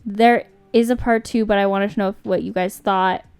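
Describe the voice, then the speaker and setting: A young woman with a smooth, clean voice co-hosts a podcast. She chats easily and laughs often, then reads a story aloud at an even, unhurried pace. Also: medium pitch. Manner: chatty, laughs easily, reads with slow steady pacing. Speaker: podcast co-host. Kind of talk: casual chat and reading stories aloud.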